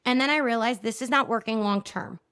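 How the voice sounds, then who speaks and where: A woman's voice: on the high side, fairly quick, a bit bright, smooth. A woman in her thirties hosting a solo podcast, chatty and self-deprecating, often checking in with "okay?". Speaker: podcast host. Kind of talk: casual solo podcast talk.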